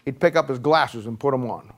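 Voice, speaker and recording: A man's voice: mid-range voice, a little fast. A man in his sixties giving a conversational sermon, joking and rambling through stories with frequent restarts. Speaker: preacher.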